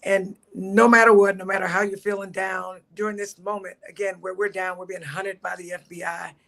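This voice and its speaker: A man, a pastor and panel guest, giving a warm, humorous tribute and saying he is tired. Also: high-pitched, flat delivery, a little fast, gravelly. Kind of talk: casual tribute.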